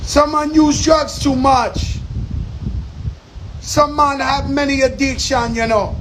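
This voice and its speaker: Dude talking slow n emphatic, repeats himself, swears a lot, outdoor recording w/ cars going by. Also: male voice, extremely high pitch, level tone, fairly bright tone, a little hiss or hum, poor audio. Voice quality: repetitive, emphatic, profane street talk. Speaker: show host. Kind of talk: casual outdoor monologue. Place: outdoors among palm trees by the sea.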